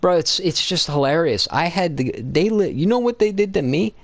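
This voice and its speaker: A man co-hosting a casual gaming chat, telling stories in a profane, animated way. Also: on the high side, moderate pace, vocal fry, hardly any pauses, no room sound. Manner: profane, animated storytelling with voiced quotes. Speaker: co-host gaming with his brother.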